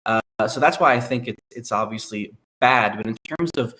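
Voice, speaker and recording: A man speaking as a guest analyst on a podcast, explaining at length in a measured way. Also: mid-range voice, sharp tone, rough recording. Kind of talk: conversational podcast interview.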